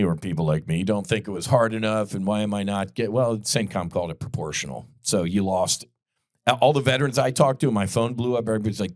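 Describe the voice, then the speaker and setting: A man's voice: on the low side, dry recording, studio quality. A man hosting a podcast, delivering blunt, heated political commentary full of profanity. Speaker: podcast host.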